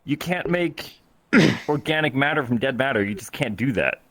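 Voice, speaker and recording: A man's voice: mid-range voice, normal speed, no echo. A man running a VR role-play event, chatting casually and often restarting his sentences. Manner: stammering restarts, animated.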